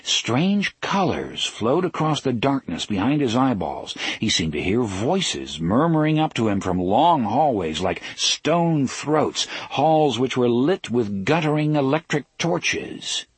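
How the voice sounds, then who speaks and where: A man narrating an audiobook in a measured, dramatic storytelling manner, slowing down for emphasis. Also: medium pitch, very animated, slightly rough, no echo. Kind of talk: scripted narration.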